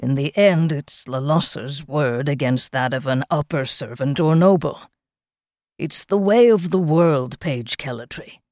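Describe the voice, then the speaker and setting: A woman voicing a humble middle-aged male servant, speaking low, quiet and pleading. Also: a little slow, no echo, clean studio sound. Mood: grim.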